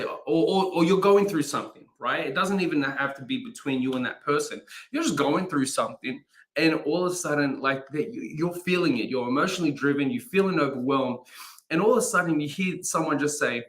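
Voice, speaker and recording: A man's voice: a little high, fairly bright tone. A young man, a chaplain, giving a casual live-streamed daily devotion through a phone or laptop mic, chatty and rambling, with plenty of fillers and laughter. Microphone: phone or laptop mic, no studio setup.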